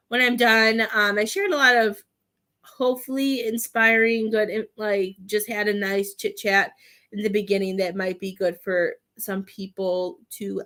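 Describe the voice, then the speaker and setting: A woman's voice: on the high side, a bit bright. A woman chatting casually with viewers on a livestream, rambling and laughing often as she offers readings. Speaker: psychic medium livestreamer.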